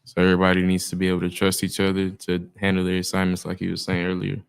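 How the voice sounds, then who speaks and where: A teenage football player talks casually about his team in a relaxed, informal way, with lots of "uh"s. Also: low voice, fast talker, gravelly, clear, resonant tone. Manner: relaxed, informal speech with "we be" phrasing and many "uh"s. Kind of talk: casual interview chat.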